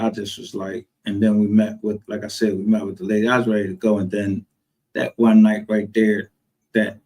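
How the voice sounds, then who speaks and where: A man's voice: lowish voice, low-quality recording. A man with a Texas accent telling stories in casual chat, full of street slang and profanity, acting out what others said. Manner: animated storytelling, profane street slang, acts out quotes.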